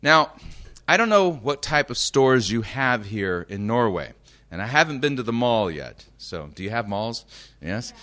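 A man from the United States preaching a sermon, reading scripture slowly and emphatically and checking in with his listeners. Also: mid-range voice, very animated, bright, forceful tone.

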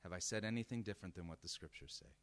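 A man's voice: sits low, lively intonation, racing, fairly bright tone. A man preaching a sermon, emphatic and direct, often asking his listeners rhetorical questions.

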